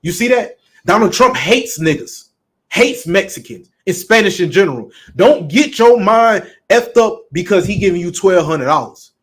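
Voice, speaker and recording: A man's voice: high-pitched, lively intonation, moderate pace. A man with a Southern US accent preaching bluntly and emphatically, with frequent profanity. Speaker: street preacher. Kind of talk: preaching talk.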